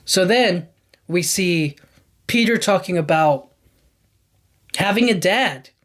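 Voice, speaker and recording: A man's voice: sits high, lively intonation, takes it slowly, a bit bright. A man hosting a podcast, casually recapping a movie in a rambling, enthusiastic way, filling his talk with "like" and "you know what I mean". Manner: enthusiastic about scenes. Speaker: podcast host.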